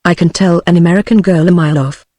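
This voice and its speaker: A confident, showy young woman in a storybook, read by a synthetic woman's voice with a British accent. The delivery is even and measured, and the recording is dry. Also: lowish voice, no echo, lightly acted. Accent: British English.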